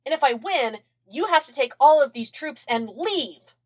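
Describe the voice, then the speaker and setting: A woman playing a bouncy, eager young boy. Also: normal speed. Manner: earnest, excitable, high and bouncy. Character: bright eager twelve-year-old boy monk. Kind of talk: podfic character voice.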